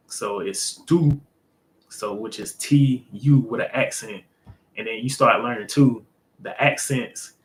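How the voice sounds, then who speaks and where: A man hosting a casual language lesson, explaining in a loose, rambling way full of fillers and an occasional "boom" to wrap up a point. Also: rough recording. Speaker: host.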